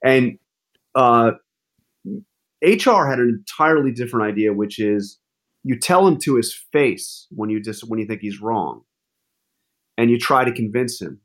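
A male journalist guest speaks at medium pitch, a little slowly, pausing often as he tells stories in a casual interview. He stays animated despite many restarts and fillers.

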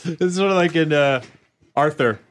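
A man's voice: fairly high pitch, normal speed. A man hosting a casual comedy podcast from a radio station studio, ribbing his co-hosts with crude jokes. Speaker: podcast host. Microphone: professional studio microphone.

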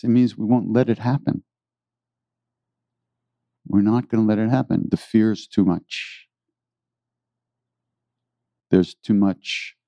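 A man's voice: lowish voice, gravelly, mellow, no echo. A man giving an informal spiritual talk to a live audience, earnest and rambling, often repeating his phrases.

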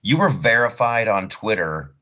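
Low-voiced guy hosting a podcast, chatty and jokey, really animated delivery. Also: moderate pace, highs cut off. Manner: rambling, joking, chatty. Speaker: podcast host. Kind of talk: casual chat.

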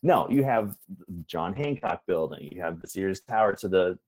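A man answering interview questions in an earnest, measured way, explaining his hobby with frequent ums and uhs. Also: sits low, lively intonation, darkish tone, rough recording. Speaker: guest, preservationist and rail fan.

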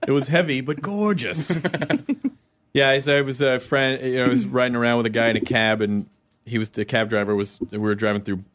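A man's voice: mid-range voice, steady tone, fairly quick, fairly bright tone. A man hosting a casual chat, jokey and curious, asking his guests questions. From Kentucky and Tennessee. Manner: chatty, jokey.

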